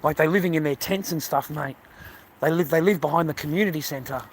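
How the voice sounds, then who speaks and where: A man talks straight into his phone as he walks outdoors along a beach. His voice sits a little high, and he is blunt and swears freely, calling his viewers mate and bro. Faint outdoor noise runs underneath. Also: fairly quick. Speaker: vlogger. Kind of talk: casual walking vlog monologue.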